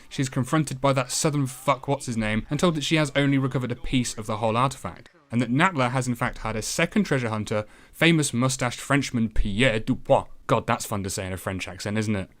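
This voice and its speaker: A man's voice: mid-range voice, a bit bright. A British man hosting a retro game review show, giving a comedic voice-over full of sarcasm and swearing.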